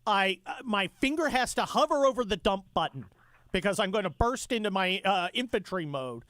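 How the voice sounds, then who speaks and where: A middle-aged man hosting talk radio in a heated, fervent way, often stumbling and restarting mid-sentence. His voice sits somewhat high for a man and sounds close and dry, with no room around it. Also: lively intonation, a little fast, fairly bright tone, dry recording. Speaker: guest radio host.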